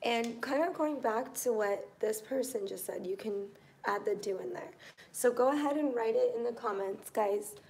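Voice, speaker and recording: A woman teaching a live online English grammar class, patient and encouraging, pausing to think while she writes examples. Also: a little high, a little mellow, a little hiss or hum.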